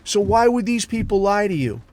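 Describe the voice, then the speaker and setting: A man's voice: high voice, sing-song, a little fast, darkish tone. A middle-aged man hosting a podcast, talking bluntly in a casual monologue full of swearing and self-questioning. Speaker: podcast host.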